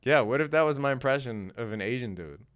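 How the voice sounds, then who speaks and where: A man's voice: medium pitch, animated, quick pace, fairly bright tone. A man hosting a live day trading stream, talking in a casual, slangy, laid-back way and laughing often. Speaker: day trading livestream host.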